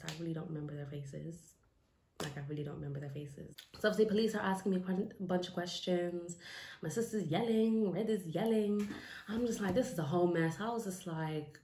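A young woman from retelling a personal story for a vlog, animated and repeating lines for emphasis, acting out what people said. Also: on the low side. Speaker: vlogger telling a story. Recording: echoey room with faint noise.

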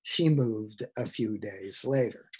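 A man's voice: fairly low pitch, takes it slowly, a little mellow, husky. Older man lecturing, wry storytelling. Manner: storytelling, wry asides to listeners. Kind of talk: lecture with reading aloud from a book. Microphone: video call.

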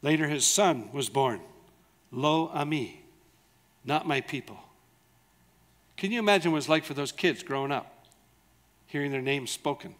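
A man's voice: fairly high pitch, lively intonation, normal speed, pauses often. A male pastor preaching a sermon in an earnest, conversational way, often asking the congregation rhetorical questions. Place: church.

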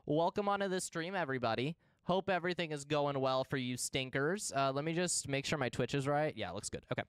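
A man's voice: on the high side, brisk, clear, resonant tone, no echo, clean studio sound. A young man streaming a game live, chatting casually and playfully with his viewers and greeting them in bursts.

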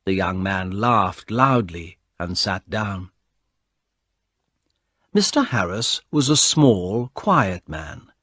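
A man reads a story aloud at a slow, careful pace, with a lively, expressive rise and fall. His voice is husky and close, with a dry sound. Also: low-pitched, no room sound. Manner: clear, expressive read-aloud. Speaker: narrator. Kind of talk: slow storybook reading for English learners.

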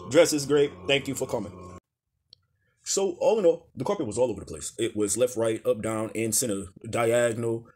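A man's voice: mid-range voice, expressive, moderate pace, a little mellow, slight background noise. A man roasting red carpet outfits in blunt, profane rants, calling names over and over and telling people to go to hell. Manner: blunt, profane, exasperated rants with repeated name calls. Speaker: fashion critic.

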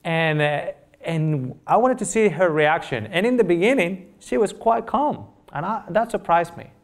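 A middle-aged man giving a nutrition lecture, telling an anecdote with acted-out dialogue, many restarts and fillers. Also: a little high. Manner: animated storyteller, acts out dialogue, frequent fillers and restarts.

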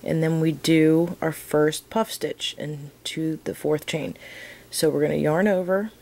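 A woman talks through a crochet lesson at an unhurried pace. Her voice has a gravelly, fry-tinged texture, and she counts her stitches softly under her breath between her friendly asides. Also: deep voice, steady tone, low-quality recording. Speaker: crochet instructor. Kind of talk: casual tutorial.

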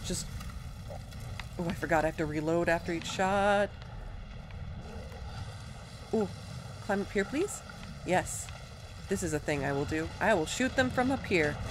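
A woman's voice: on the low side, unhurried, pauses often, noisy background. Chatty woman narrating her gameplay. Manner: chatty, self-deprecating, thinks aloud. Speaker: let's play host. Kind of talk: casual gameplay commentary.

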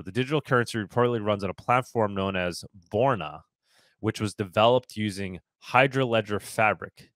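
A man with a fairly low voice reads news items and keeps stopping to comment in a loose, sarcastic way, often repeating himself as he restarts. The sound is dry and close, with no room around it. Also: fairly bright tone, dry recording. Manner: sarcastic asides between read-out items; casual, repeats words and restarts. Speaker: crypto news host.

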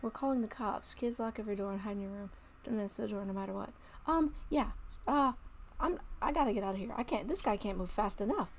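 A woman's voice: medium pitch, fast talker, a little hiss or hum. A middle-aged woman giving jumpy commentary while playing a horror game at home, talking to herself and dropping to whispers when tense.

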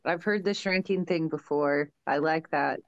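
A woman chatting on a panel in an unhurried, agreeable way over a video call. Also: sits low, dry recording, dull audio. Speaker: panel guest. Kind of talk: casual panel chat.

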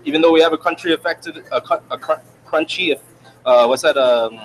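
A man's voice: fairly high pitch, a little fast, slight background noise, rough recording. A man, a chef, casually walking through a dish step by step, a bit hesitant. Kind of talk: casual cooking demonstration.

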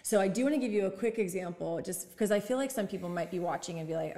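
A woman's voice: mid-range voice, long reverb tail. Chatty woman pastor telling stories. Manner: warm storytelling, quick asides and light laughs. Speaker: pastor and podcast co-host. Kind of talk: casual faith podcast chat.

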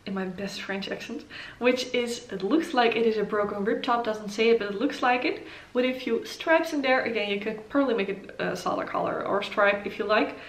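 Recorded on a camera mic with noticeable reverb, this knitting channel host talks fairly quickly in a mid-range voice. She chats casually through pattern reviews, dropping plenty of ums and uhs along the way.

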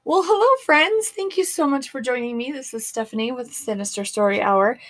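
A woman hosting her podcast in casual chat, her voice hoarse and partly lost, rambling through friendly asides and thanks to listeners. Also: high voice, a little fast, noisy background. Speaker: podcast host.

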